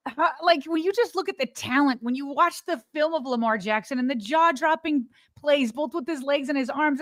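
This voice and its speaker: A woman co-hosting a sports podcast, giving emphatic, animated opinions in casual talk. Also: high-pitched, dry recording, studio quality. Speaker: podcast co-host.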